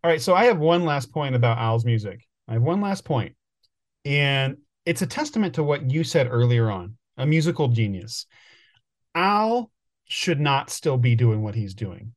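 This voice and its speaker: A man's voice: medium pitch, very animated, moderate pace. A man co-hosting a podcast, chatting casually with frequent laughs and restarts. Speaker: podcast co-host. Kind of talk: casual chat.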